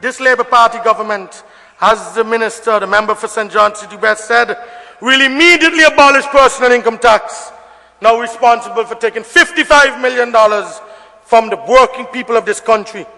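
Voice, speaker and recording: A very high-voiced man delivers a forceful, bright-toned parliamentary speech, hammering his points with repetition and bursts of shouting. His voice rings with the long reverb of a debating chamber. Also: normal speed. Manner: emphatic, repetitive oratory, rising to shouts. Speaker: member of parliament.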